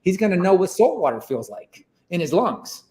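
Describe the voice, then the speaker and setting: A man's voice: high voice, very animated, moderate pace, a little mellow, reverberant. A man telling a story in a casual, rambling way, full of fillers, as a podcast guest. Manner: rambling, many fillers like "like" and "you know".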